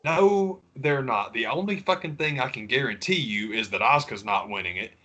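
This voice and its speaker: A man co-hosting a casual wrestling podcast, animated and profane, laughing often and mimicking other people's voices. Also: mid-range voice, normal speed. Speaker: podcast co-host. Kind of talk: casual chat.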